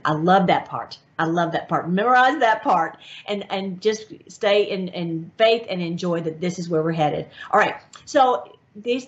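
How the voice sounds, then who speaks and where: A woman's voice: lowish voice, lo-fi sound. A woman hosting an online video, reading aloud and commenting in an eager, emphatic way with many restarts.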